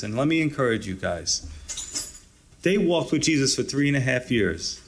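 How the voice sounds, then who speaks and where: A pastor preaching a conversational, encouraging sermon, often adding "you know" and "right". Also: male voice, medium pitch, big pitch swings, moderate pace.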